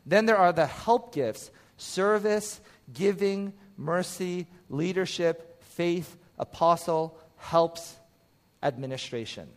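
High-voiced man giving a casual sermon. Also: takes it slowly. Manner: conversational, animated storytelling, acts out quotes. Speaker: pastor.

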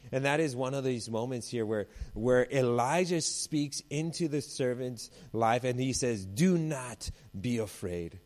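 A man's voice: medium pitch, a little slow, few pauses, darkish tone. A male pastor preaching a sermon in a conversational way. He weaves family anecdotes into scripture and acts out the voices he quotes.

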